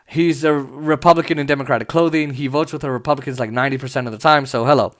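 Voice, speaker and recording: A man's voice: mid-range voice, fairly even intonation, quick pace, fairly bright tone. A young man in a casual, sarcastic political rant, mocking and full of filler words. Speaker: political commentator.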